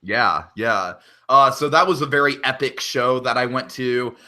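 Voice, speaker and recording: A male podcast host chats in a loose, excitable way, often rambling and restarting his sentences. His voice sits at a middle pitch and has a bright, forward edge. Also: normal speed, low-quality recording. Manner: enthusiastic, rambling, with frequent restarts. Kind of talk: casual chat.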